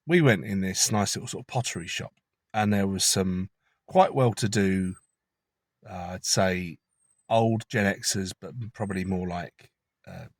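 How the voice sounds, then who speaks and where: Low-voiced man ranting chattily. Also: no room sound. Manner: chatty, conspiratorial, swears casually. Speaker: vlogger. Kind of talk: rambling opinion monologue.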